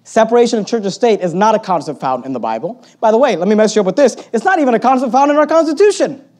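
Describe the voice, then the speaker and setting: High-voiced, fiery male pastor preaching. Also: quick pace. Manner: animated preaching with sharp swings between loud emphatic bursts and quiet asides; sarcastic, mocking quoted opponents in put-on voices. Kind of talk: sermon.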